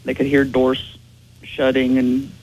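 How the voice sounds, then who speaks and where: A man's voice: medium pitch, completely flat delivery, takes it slowly, gravelly, darkish tone, lo-fi sound, slight background noise. A man answering interview questions as a ghost investigator, explaining in a matter-of-fact way.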